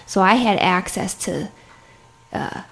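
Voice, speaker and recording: A woman comedian on a podcast, telling self-mocking stories in an animated way and laughing often through them. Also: mid-range voice, takes it slowly, vocal fry. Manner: many fillers and restarts. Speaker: comedian guest. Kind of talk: anecdotal interview chat.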